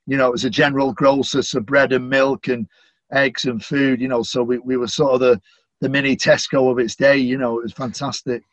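A man's voice: medium pitch, little pitch movement, a little fast, no room sound. Chatty Mancunian man, dry muffled sound. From Manchester, England. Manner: warm, chatty, lots of "you know" fillers. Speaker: stadium announcer, podcast guest. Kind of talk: casual interview chat.

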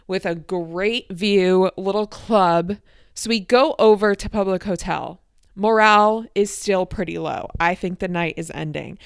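A young woman hosting her podcast, telling a night-out story in a chatty, animated way and acting out what people said. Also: mid-range voice, clean tone, dry recording, clean studio sound. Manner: animated, chatty, acts out quotes. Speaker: podcast host. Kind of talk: casual storytelling.

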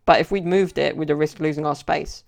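The host of a one-man podcast tells stories casually, rambling and leaning on fillers. His voice is creaky and fairly high, a little fast, with fairly even intonation.

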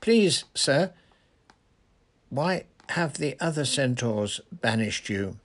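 An eager teenage schoolgirl, put on by a man, breathless and pitched up high. She pleads quickly and earnestly. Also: very animated.

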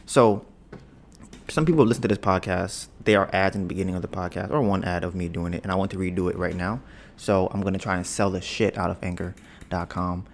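A young man talks loosely into his podcast mic at home, wandering from topic to topic and joking about his own smooth voice. His voice sits low, with a faint hiss in the background. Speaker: podcast host. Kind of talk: casual podcast chat. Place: home, storm outside. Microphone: podcast mic with headphones.

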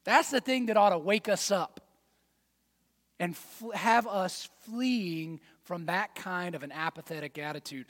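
A man preaching a sermon as pastor, folksy and direct, dropping to quiet asides and then rising to loud fired-up exhortation. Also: on the high side, a little slow, big-room sound. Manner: folksy, addresses congregation as y'all and man.

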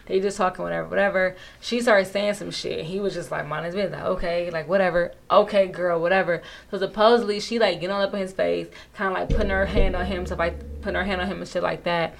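A woman's voice: lowish voice, fast, creaky, hardly any pauses. A woman co-hosting a casual chat, telling a story and acting out the people in it. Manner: animated storyteller, acts out quotes. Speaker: podcast co-host.

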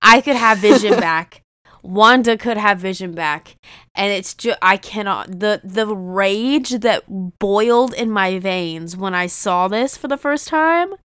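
A woman's voice: mid-range voice, measured pace, a bit bright, smooth, dry recording, clean studio sound. A young woman chatting animatedly about a TV series, emphatic and playful. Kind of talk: casual chat about a TV series.

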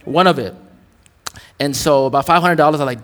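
A man's voice: a little high, a little fast, fairly bright tone. A young adult man preaching a sermon to a congregation in a candid, conversational, joking way. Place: church in front of a congregation. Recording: reverberant church hall.

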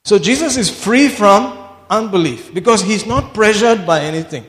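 A high-pitched man preaches a sermon, swinging from low asides to shouted declarations. His voice rings with a long reverb through a large hall. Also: expressive, moderate pace.

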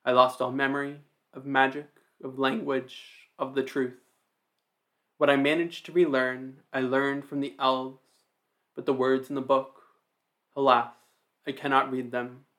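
A man's voice: medium pitch, level tone, unhurried, a bit bright, lightly acted. A man voicing a commanding ancient ogre woman in a storybook reading, speaking in a strong, assertive tone. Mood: calm.

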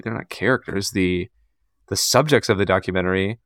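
A man co-hosting a podcast in a chatty, casual way, heavy on fillers. He pokes fun at himself in a lowish voice. The sound is dry and close. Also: fairly quick, fairly bright tone, dry recording. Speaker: podcast co-host. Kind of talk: casual chat.

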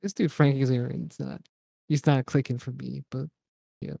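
A man's voice: medium pitch, fairly even intonation, moderate pace, vocal fry, dark tone, no room sound. A man talking in a casual chat, blunt, joking and swearing a lot. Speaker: podcast co-host.

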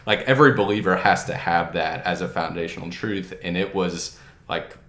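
A man hosts a relaxed conversation about faith and calmly draws out the lesson behind each story. His voice is very deep. The recording carries a roomy echo. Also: moderate pace. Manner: calm, affirming, draws out lessons. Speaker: host. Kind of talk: casual chat.

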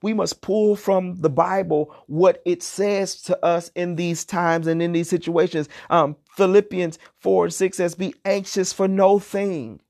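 A man's voice: high voice, steady tone, unhurried, creaky, few pauses, a little mellow. Impassioned man preaching a sermon. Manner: impassioned, repeats words and restarts phrases; builds to emphatic declarations.

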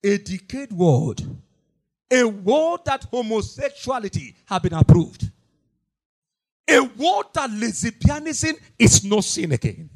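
A middle-aged man preaching a fiery sermon. He repeats his lines, swings from hushed to shouting in a sing-song cadence, and bursts into tongues. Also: very high voice, sing-song, takes it slowly.

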